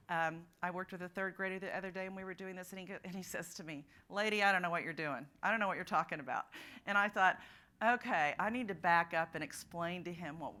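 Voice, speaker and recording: Woman giving a teacher workshop, kinda low voice but bright, stretches out the sounds when she models words. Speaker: literacy conference presenter. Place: conference room.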